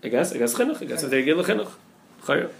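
A man, a rabbi, giving a Talmud class, talking quickly with many restarts and repeated words. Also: a little high, very animated, creaky, a little hiss or hum. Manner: rapid, repeats words and restarts, mixes Hebrew and Yiddish terms into English. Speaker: rabbi teaching a daily Talmud page.

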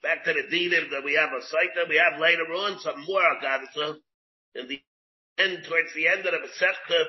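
A man, a rabbi, teaching a Talmud class, explaining slowly in English dotted with Hebrew and Aramaic terms, with many restarts. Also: fairly high pitch, steady tone. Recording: dull lo-fi class recording.

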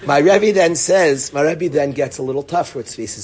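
A middle-aged man casually telling a personal story, acting out the dialogue and dropping to a hush for quoted lines. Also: on the high side, moderate pace, hardly any pauses. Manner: animated, acts out dialogue, drops to near-whisper for quoted lines. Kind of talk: casual spoken anecdote.

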